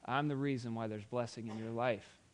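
A man voicing God as a calm, reassuring presence, speaking slowly and softly. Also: mid-range voice, a little hiss or hum, natural voice.

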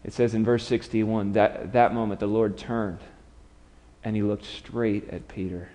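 A man's voice: on the low side, fairly even intonation, measured pace, dark tone, long reverb tail. A man preaching a sermon, telling the story dramatically and acting out the lines of the people in it. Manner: dramatic storytelling, acts out quotes with raised voice. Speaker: pastor.

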